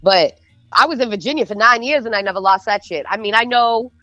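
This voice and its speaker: A woman's voice: a little high, fairly quick, dry recording, faint music behind. Boston woman telling stories, dry lo-fi sound. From Boston North Shore. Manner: animated, profane storyteller. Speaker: DJ guest. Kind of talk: casual podcast chat.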